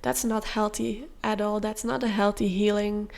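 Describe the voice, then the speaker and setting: A young woman hosting a podcast, telling a personal story in a candid, confessional way with soft fillers. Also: medium pitch, flat delivery, moderate pace. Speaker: podcast host.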